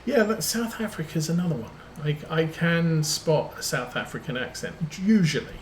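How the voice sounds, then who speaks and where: A man's voice: on the high side, animated, normal speed, slight background noise. A man streaming a farming game, telling rambling anecdotes full of ums as he plays. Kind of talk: casual chat while playing a farming game. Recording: roomy echo.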